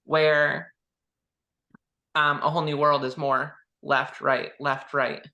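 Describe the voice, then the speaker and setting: Bright-voiced wry podcast co-host. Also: female voice, deep voice, little pitch movement, slow. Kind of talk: casual chat.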